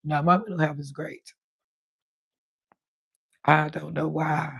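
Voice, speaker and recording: A woman in her fifties chatting on a livestream as host, telling animated stories with plenty of cussing. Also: low voice, slow, creaky, slightly rough, no room sound. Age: 50s. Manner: chatty, animated storytelling with cussing and quoted voices. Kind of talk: casual livestream chat.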